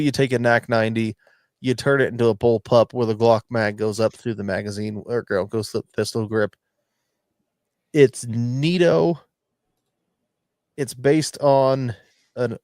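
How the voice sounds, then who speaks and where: A man's voice: medium pitch, darkish tone, dry recording. Rambling profane man, dry close mic. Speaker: podcast host. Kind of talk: casual chat.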